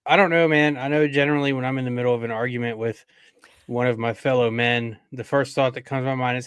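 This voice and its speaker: A man bantering on a talk show, joking and chuckling between his lines. His voice sits at a middle pitch. The sound is dry and close. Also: fairly even intonation, fast, fairly bright tone, smooth, no echo. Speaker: co-host. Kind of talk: casual banter.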